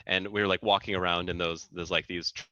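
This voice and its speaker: A man's voice: deep voice, flat delivery, quick pace, pushed and bright. A man in his thirties, a guest engineer chatting casually in an interview, talking in loose sentences full of fillers and restarts. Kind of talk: casual conversation. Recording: dull lo-fi sound.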